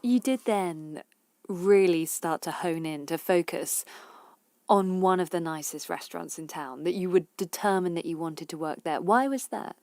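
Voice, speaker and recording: A woman's voice: fairly low pitch, moderate pace, darkish tone, no echo. Woman interviewer, close dry sound. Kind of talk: broadcast interview.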